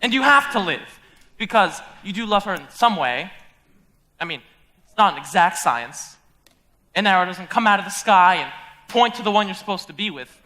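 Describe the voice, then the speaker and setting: A man's voice: sits high, expressive, moderate pace, pauses often, pushed and bright. A young man playing a lonely theatre lover who talks wistfully to the audience about an old cast record, in a school stage musical. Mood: confiding. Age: young adult. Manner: confiding, wistful, rambling. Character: lonely theatre-loving man narrating from his chair. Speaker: stage actor. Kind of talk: live stage musical acting.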